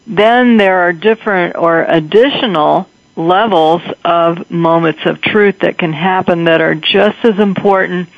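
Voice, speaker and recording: A woman appearing as a guest on a radio talk show, explaining a work method in a measured way with some fillers. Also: lowish voice, no echo, dull audio. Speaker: guest consultant.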